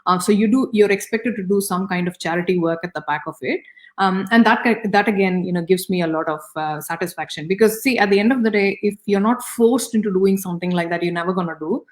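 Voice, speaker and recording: Speaking fast at a medium pitch, a middle-aged woman with an Indian accent gives a reflective, conversational interview, full of fillers and restarted sentences.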